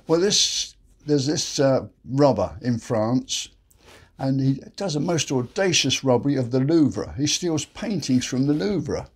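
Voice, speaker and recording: A man's voice: mid-range voice, animated, slow pace, slightly rough. A man hosting a daily joke show, telling jokes in a chatty, folksy storyteller manner. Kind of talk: casual joke telling to camera.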